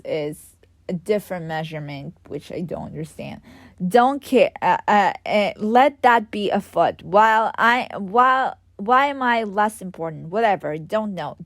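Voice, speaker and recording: A woman's voice: fairly low pitch, no room sound. A woman reading her own memoir aloud, with sarcastic, ranting asides to the reader. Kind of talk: audiobook narration.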